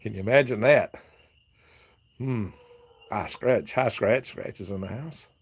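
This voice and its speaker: A man's voice: on the low side, unhurried, slightly rough. A man hosting a casual live stream, reading viewer comments aloud, chatting and laughing often. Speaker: livestream host reading chat.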